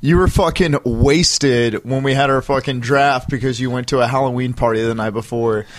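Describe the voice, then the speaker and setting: A man's voice: mid-range voice, steady tone, moderate pace. Profane, riled-up young man ranting. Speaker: podcast co-host. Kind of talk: casual banter among roommates.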